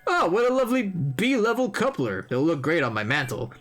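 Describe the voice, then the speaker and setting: Voicing a game's elderly male echidna historian, a man reads in a gentle, wistful, sentimental way. His delivery is lively and swooping, pushed up on the high side, at a normal pace.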